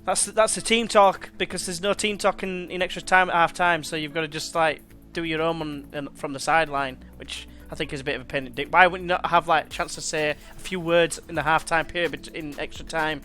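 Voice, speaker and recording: Over soft background music, a young let's play gamer with a fairly high, bright, forceful voice chats casually while playing a football management game. His intonation is fairly even, and he speaks briskly with hardly any pauses, calling the action play-by-play in a slangy way.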